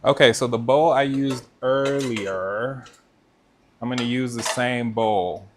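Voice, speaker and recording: A man's voice: medium pitch, fairly even intonation, takes it slowly, background noise. Chatty man hosting a live cooking stream. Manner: chatty, talks straight to viewers and reads out their comments. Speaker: cooking livestream host. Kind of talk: casual live chat while cooking. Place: kitchen. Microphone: mic with noise cancellation.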